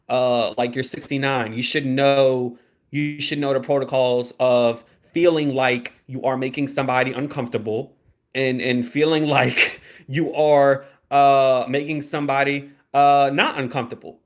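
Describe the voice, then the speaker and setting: A man's voice: mid-range voice, fairly even intonation, measured pace. Rambling young man on a livestream. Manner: rambling, repeats words, swears freely. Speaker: YouTube commentator. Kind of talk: casual livestream commentary.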